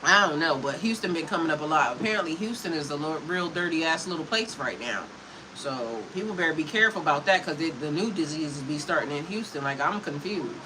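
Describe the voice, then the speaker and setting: A woman's voice: low-pitched, lively intonation, brisk, background noise. A woman spiritual coach in a heated, profane, emphatic livestream rant.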